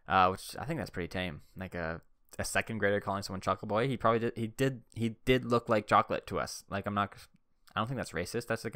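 A man's voice: fairly low pitch, bright, forceful tone, clean tone, no room sound, studio quality. A young man hosting a podcast, telling rambling stories casually and filling his talk with "like". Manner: rambling, heavy use of "like" fillers. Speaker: podcast host. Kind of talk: casual storytelling.

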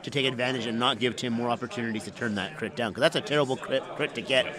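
A man commentating a tabletop game live at a convention with dry, deadpan sarcasm. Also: mid-range voice, fast. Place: convention hall. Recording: crowd noise behind. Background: crowd chatter.

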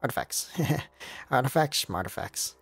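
A spaced-out male camp cook, put on by a man reading a game aloud, rambling in a husky drawl. He dodges every question and keeps coaxing you to sit and smoke. His pitch swings widely and loosely between words. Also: expressive, unhurried, fairly bright tone, soft background music, exaggerated voice.

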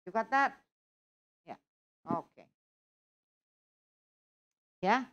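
A woman's voice: lowish voice, slow, long pauses. A woman teaching an English test prep class, often checking that her students follow. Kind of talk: live online lesson.

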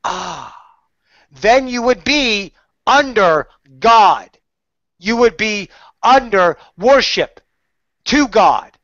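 A woman's voice: mid-range voice, animated, very slow, pauses often, a bit bright, no room sound. A woman channeling spiritual teachings in a webinar, preachy, with rhetorical questions, calling the listener darling. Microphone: webinar call audio. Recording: slightly dull webinar audio.

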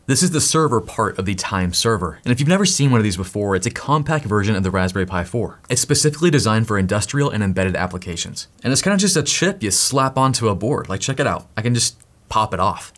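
A man hosting a tech video, explaining hardware in an excitable, jokey way that keeps interrupting itself. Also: fairly low pitch. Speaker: tech YouTuber host.

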